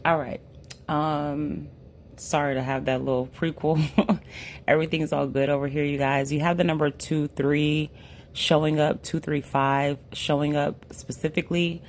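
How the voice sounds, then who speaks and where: Hoarse, chatty American tarot reader. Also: mid-range voice, a little hiss or hum. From United States. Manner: chatty and relaxed, fills pauses with "um". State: hoarse, recovering from a lost voice. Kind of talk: casual spoken tarot reading.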